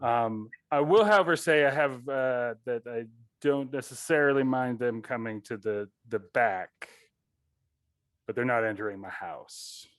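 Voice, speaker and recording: Quick-witted man playing a tabletop game. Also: medium pitch, fairly bright tone, dry recording. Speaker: player. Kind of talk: casual tabletop role-play.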